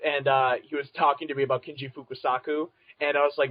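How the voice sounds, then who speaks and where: A man's voice: medium pitch, level tone, fast talker, muffled recording. A man co-hosting a podcast in casual chat, playful, laughing often and swearing. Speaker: podcast co-host.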